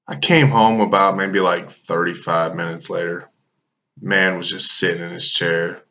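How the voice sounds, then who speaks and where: A man's voice: deep voice, flat delivery, unhurried, pushed and bright. A man telling a casual anecdote, loose and full of swearing and fillers. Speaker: storyteller.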